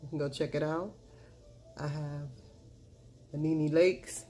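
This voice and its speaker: Low mellow-voiced woman chatting thru her makeup tutorial, murmurs as she goes, repeats her catchphrases. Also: slow, slight background noise. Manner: repeats catchphrases, bursts into loud excited chanting; low murmured narration while working. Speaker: beauty vlogger. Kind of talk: casual makeup tutorial chat.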